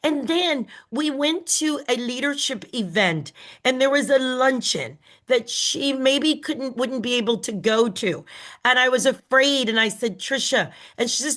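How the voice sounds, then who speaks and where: Slow, bright-voiced woman team leader. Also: high voice. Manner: emphatic, emotional, slow and deliberate. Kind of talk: motivational talk.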